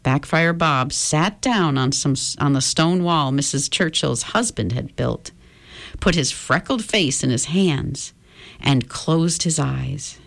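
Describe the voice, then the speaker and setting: A woman reading a children's chapter book aloud in a gentle, expressive storytelling manner. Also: low voice, creaky.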